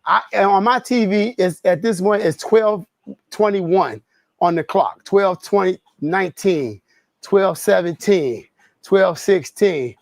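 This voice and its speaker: A man's voice: high voice, slow, vocal fry, no room sound. A man on a treadmill livestreaming, telling stories in loose slang and laughing easily. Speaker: streamer. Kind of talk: casual livestream chat. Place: home garage gym on a treadmill.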